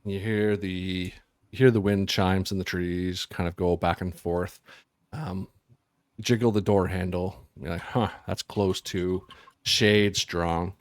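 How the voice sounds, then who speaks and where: A man's voice: sits low, fairly even intonation, a little slow, no room sound, clean studio sound. A man narrating as game master of a tabletop game, loose and rambling, with many ums and restarts.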